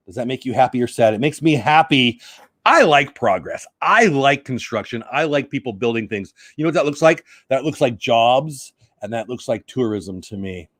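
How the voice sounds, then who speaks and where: A chatty man hosts a live news stream, reading headlines and greeting viewers in the chat by name. His pitch sits in the middle range for a man. The sound is dry and close, with little room around it. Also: expressive, moderate pace, a bit bright, no echo.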